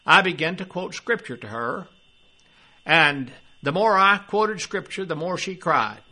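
Bright high-voiced man preaching. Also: measured pace. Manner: expository, quotes scripture then explains it, asks the audience questions. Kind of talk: sermon.

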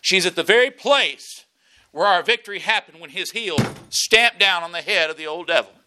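A man preaching a sermon, earnest and repetitive, building to loud emphasis. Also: sits high, moderate pace, slight background noise. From South Mississippi, US. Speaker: pastor.

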